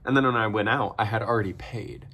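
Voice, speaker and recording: A man's voice: lowish voice, fast, sharp tone, husky. A young man vlogging, telling a story in a casual, rambling way full of fillers, with a wry edge.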